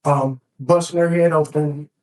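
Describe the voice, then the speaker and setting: A man's voice: on the high side, fairly even intonation, measured pace, recorded from a distance, rough recording. A man speaking as a defendant in a courtroom, pleading and urgent as he recounts events. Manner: urgent, pleading, repetitive retelling. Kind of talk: emotional courtroom testimony.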